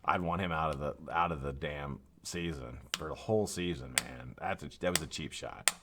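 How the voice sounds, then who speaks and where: A man's voice: rumbling low, normal speed, noisy background. A tired, yawning man hosting a live stream, rambling casually with frequent swearing and laughter.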